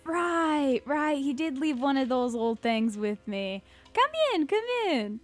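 A woman's voice: sits high, animated, slow, soft background music, pitched above the performer's own voice. A woman voicing a kindly old woman who welcomes young visitors, chatty and fussing in a grandmotherly way. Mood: welcoming. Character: kindly old human woman host, long white hair.

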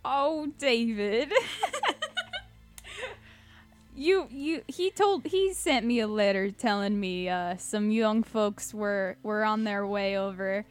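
A woman's voice: medium pitch, takes it slowly, few pauses, soft background music, natural voice. A woman voicing a kindly old woman who welcomes young visitors, chatty and fussing in a grandmotherly way. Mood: delighted. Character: kindly old human woman host, long white hair.

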